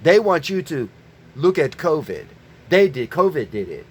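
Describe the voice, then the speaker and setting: A man giving an angry, profane religious rant, yelling at his listeners. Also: on the high side, big pitch swings, moderate pace, slightly rough. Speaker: online preacher.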